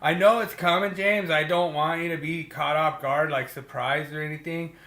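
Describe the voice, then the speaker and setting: A man co-hosting a casual podcast, chatty and animated as he retells arguments with colleagues. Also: a little high, moderate pace, reverberant. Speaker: podcast co-host.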